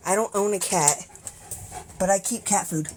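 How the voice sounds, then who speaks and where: A woman's voice: moderate pace, very noisy. An American woman vlogging casually while walking her pets outdoors, chatting to viewers and coaxing animals. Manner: chatty, coaxing animals in a high sing-song voice. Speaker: pet vlogger. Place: outdoors in a neighborhood.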